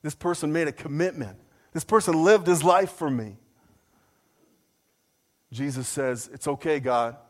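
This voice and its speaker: A man preaching a sermon, telling a personal story with self-deprecating humor and jumping into a high voice to mimic his own outrage. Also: a little slow, pauses often. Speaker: pastor.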